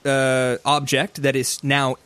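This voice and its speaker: A man narrating a tabletop game as game master, describing scenes in a casual way with quick asides. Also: mid-range voice, monotone, fairly bright tone, smooth, dry recording.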